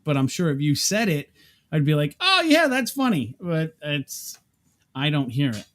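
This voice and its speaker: A man's voice: on the high side, normal speed. A man co-hosting a casual livestream chat, reading viewer comments aloud and laughing often. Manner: laughs often, self-deprecating. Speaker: livestream co-host.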